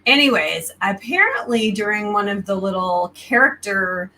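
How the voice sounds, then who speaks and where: Brief: easygoing female co-host, bright forceful tone, giggly, not a big talker. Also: mid-range voice, lively intonation, moderate pace. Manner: laid-back, laughs easily, says she is not much of a talker. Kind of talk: casual live chat.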